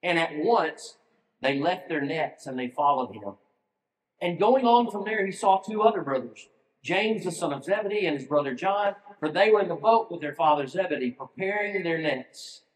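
A man's voice: fairly high pitch, lively intonation, normal speed. A male pastor delivering a sermon in an earnest manner, putting direct questions to his listeners. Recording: echoey hall with long reverb.

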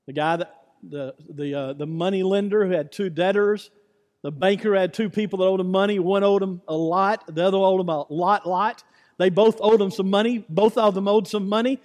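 Pastor, male, high-pitched voice, emphatic repeating sermon delivery, long church reverb. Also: a little mellow. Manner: repetitive, emphatic preaching with rhetorical questions. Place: church sanctuary.

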